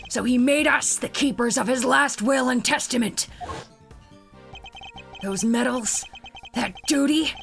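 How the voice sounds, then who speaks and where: A woman voicing a proud, gruff male special agent from a video game, speaking low and clipped. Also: a bit bright, exaggerated voice.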